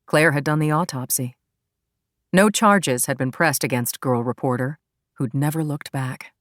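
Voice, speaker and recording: Low-voiced woman narrating a thriller. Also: unhurried, no room sound, studio quality. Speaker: audiobook narrator. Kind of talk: scripted narration.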